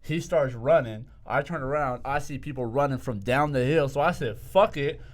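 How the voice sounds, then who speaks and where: A man's voice: mid-range voice, moderate pace. A man co-hosting a podcast, telling a story in crude casual banter, laid-back and laughing as he swears. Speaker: podcast co-host.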